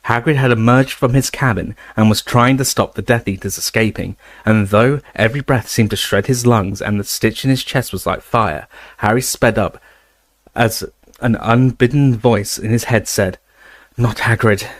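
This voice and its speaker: A man reading a fantasy novel aloud as an audiobook narrator, expressive and raising his voice for the shouted moments. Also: mid-range voice, normal speed, no echo.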